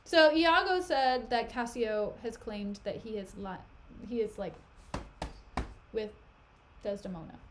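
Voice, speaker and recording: A woman's voice: fairly high pitch, measured pace, slight background noise. A young woman streaming herself reading a play aloud, recapping it in a chatty, giggly way full of "like" and "you know". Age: young adult. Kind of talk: casual reading and commentary.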